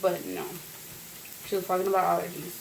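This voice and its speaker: In her echoey home kitchen, a woman vlogger tells a rambling, profane story full of fillers while food fries and sizzles behind her. Her voice is on the low side, brisk and gravelly, with little pitch movement, and there's faint noise in the recording.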